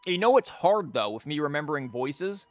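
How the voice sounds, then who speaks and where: A streamer who also teaches chats casually on his live stream while working through theorycrafting, his fairly high voice very animated at a moderate pace. He rambles with plenty of "like" and restarts, recorded without echo and with faint music playing.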